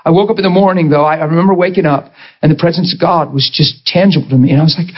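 A man preaching a sermon, telling a personal story with passion and a voice that swings high and low. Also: steady tone, very fast, lo-fi sound.

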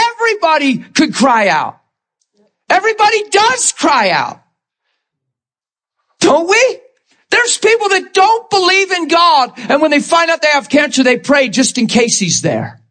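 High-pitched impassioned male preacher. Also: a little slow. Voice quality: high-pitched, animated, stammering repeats. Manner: impassioned preaching, shouting at peaks, talks to congregation. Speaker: pastor. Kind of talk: sermon.

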